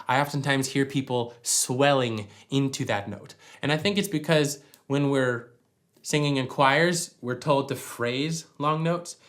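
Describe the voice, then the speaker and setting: A man's voice: mid-range voice, fairly bright tone. A man giving a practical singing lesson at home, explaining each point by demonstrating it. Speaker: vocal coach. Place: at home with a dog nearby.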